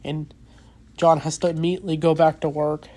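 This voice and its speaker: A movie reviewer in a casual spoken review, earnest and openly emotional, halting with many restarts and fillers. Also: mid-range voice, flat delivery, warm tone, slight background noise.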